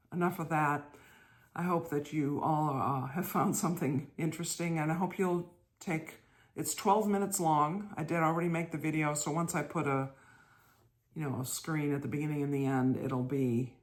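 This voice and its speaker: An older woman hosting her own show, telling a church memory in a gentle, chatty way and laughing as she goes. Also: deep voice. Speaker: host. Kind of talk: casual storytelling monologue.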